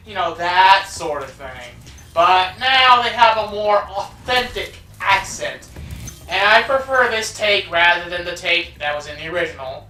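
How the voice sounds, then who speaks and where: A woman's voice: lowish voice, unhurried, pushed and bright. A woman hosting a casual let's play, chatting and joking about the game as she plays. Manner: chatty, joking, self-deprecating. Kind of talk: casual gameplay commentary. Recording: roomy, distant mic with game music.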